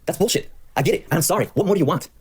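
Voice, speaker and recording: A man's voice: fairly high pitch, lively intonation, rapid-fire, a little mellow, slightly rough. A man arguing defensively and with exasperation during a recorded phone call.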